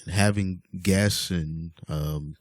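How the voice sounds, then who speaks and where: Deep-voiced guy venting on his vlog, aave, super dry close sound, keeps going off on tangents. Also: steady tone, slow pace, no room sound. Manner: exasperated, rambling with many fillers. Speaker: vlogger. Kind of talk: casual rant to camera.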